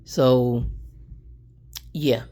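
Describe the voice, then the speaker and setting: A woman's voice: very deep voice, steady tone, extremely slow, mellow. A middle-aged woman who runs small businesses, talking earnestly on a live stream, near tears and repeating words of encouragement. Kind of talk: emotional live stream talk.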